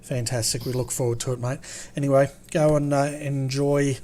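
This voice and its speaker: A man co-hosting a sim racing broadcast, relaxed and friendly. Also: mid-range voice, moderate pace. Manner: relaxed, friendly, says fantastic and mate. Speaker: broadcast co-host.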